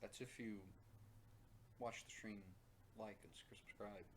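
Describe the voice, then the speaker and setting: A man's voice: lowish voice, fairly even intonation, takes it slowly. A man co-hosting a podcast, dropping dry, laid-back remarks in casual chat. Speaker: podcast co-host. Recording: faint background noise.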